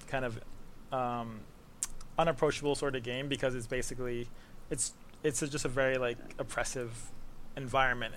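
A man talks through his thoughts in a loose, rambling way, full of fillers and easy laughs. His voice sits at an ordinary pitch, over a faint background hiss. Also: a bit bright. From the Bronx, New York. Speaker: podcast guest, games writer. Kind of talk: casual conversation.

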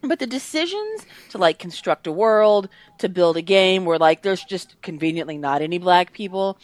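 Woman podcast co-host, lower voice, blunt, frank, swears, dry close sound. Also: lively intonation, normal speed, dry recording. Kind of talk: casual podcast discussion.

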